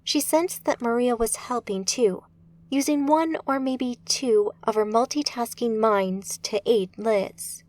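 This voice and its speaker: Woman narrator for a fantasy audiobook, measured and unhurried, a touch high. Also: a little mellow.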